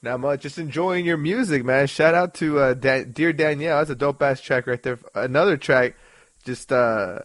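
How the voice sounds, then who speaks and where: A man's voice: mid-range voice, normal speed, no room sound. Laid-back slangy man hosting radio. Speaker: radio show host. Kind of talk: casual interview chat.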